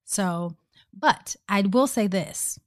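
Woman, mid pitch, earnest storyteller, podcast co-host, dry close sound. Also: slow pace, no room sound. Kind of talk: casual podcast chat.

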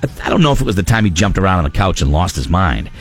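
A man's voice: sits low, very animated, very fast, husky. A man hosting a radio show, bantering in casual, opinionated talk.

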